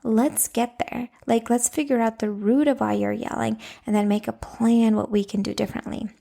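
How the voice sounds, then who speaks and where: A woman's voice: fairly high pitch, fairly even intonation, normal speed, vocal fry, mellow. A woman hosting a solo podcast, coaching moms in a casual, direct way and often checking in with "okay?".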